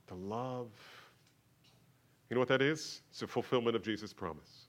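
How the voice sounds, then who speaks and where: A man preaching a sermon to his church, moving from quiet, conversational talk to loud, emphatic passages. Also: medium pitch, normal speed. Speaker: pastor. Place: church sanctuary.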